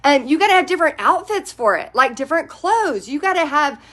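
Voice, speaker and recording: Brief: woman painting instructor, high voice, chatty and encouraging live-stream host. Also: big pitch swings, fairly quick, fairly bright tone. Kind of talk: casual live-stream chat.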